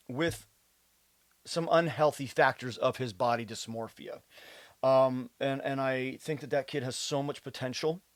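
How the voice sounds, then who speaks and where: A man, a fitness coach, talking to camera in a swearing rant that swings from loud outbursts down to low muttering. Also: dry recording. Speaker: fitness coach and video creator. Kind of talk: profane ranting monologue to camera.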